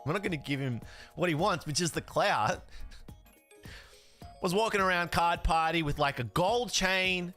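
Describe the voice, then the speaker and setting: A man's voice: high voice, a little slow, pauses often, faint music behind. A man, a card streamer, telling a story in a casual way, acting out the dialogue and swearing now and then. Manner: animated, swears, laughs, acts out dialogue.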